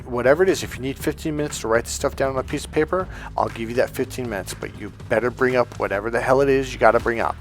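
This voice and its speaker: A male life coach telling stories in a casual, animated way, bluntly swearing and acting out the people he quotes with raised voices. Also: medium pitch, fast talker, few pauses, faint music behind. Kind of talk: casual storytelling monologue.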